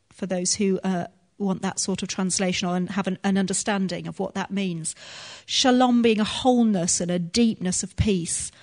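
A woman preaching a sermon to a congregation, teaching earnestly and laughing softly now and then. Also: medium pitch.

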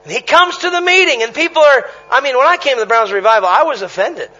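A traveling preacher with a very high, bright, sharp and expressive voice tells revival stories in a sermon. He leans on punchy repetition and breaks into quick laughs. The recording is dull and lo-fi.

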